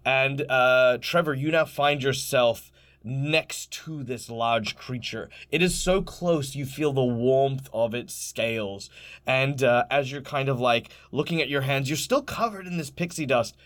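A man runs a tabletop game as its game master, describing each scene in detail. He laughs easily and lets his voice drop and slow for the tense beats. His pitch sits in an ordinary middle range for a man. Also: fairly bright tone. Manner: descriptive, laughs often, slows for dramatic beats.

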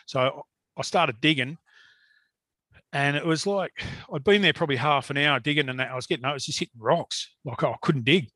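A man telling a long story in casual chat, animated and swearing freely. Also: a little high, a little fast, no room sound.

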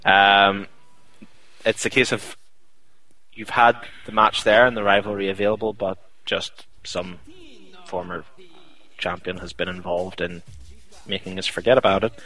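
A man's voice: low voice, level tone, measured pace, long pauses, bright, forceful tone, soft background music, low-quality recording. A man co-hosting a casual chat show, talking in a rambling way with many fillers. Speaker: podcast co-host.

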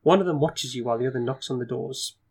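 A man's voice: medium pitch, darkish tone, breathy edge. A man reading a fantasy gamebook aloud and hosting the playthrough, with asides and stumbles. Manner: brisk narration with stumbles and asides. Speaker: gamebook reader and host.

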